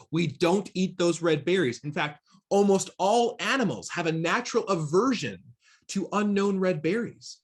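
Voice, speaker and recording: A man giving an interactive diversity training talk, telling a story in a lively conversational way, acting out inner voices, with many fillers and restarts. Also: on the high side, slightly rough.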